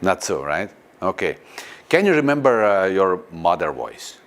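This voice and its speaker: Slow, halting man leading a meditation. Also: low voice. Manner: non-native English, halting phrasing with pauses; slow and lively, questions the audience. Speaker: spiritual teacher. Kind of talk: guided meditation talk.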